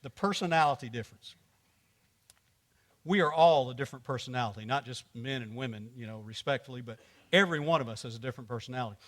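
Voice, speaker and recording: With a medium-pitched, fairly bright voice, a man jokes his way through teaching a men's class at church. He talks conversationally, tests the audience with questions, and laughs often.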